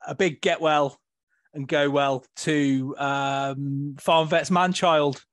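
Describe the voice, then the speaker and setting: A man's voice: on the high side, fairly even intonation, takes it slowly, fairly bright tone, dry recording, clean studio sound. A man hosting a casual podcast banter session over a video call, rambling and laughing often. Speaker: podcast host.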